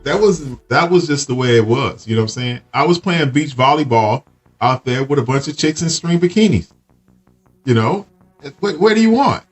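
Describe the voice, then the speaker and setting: A man's voice: on the high side, lively intonation, moderate pace, husky, faint music behind. A man co-hosting a podcast in casual chat, rambling through stories and acting out both sides of each exchange. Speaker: podcast co-host.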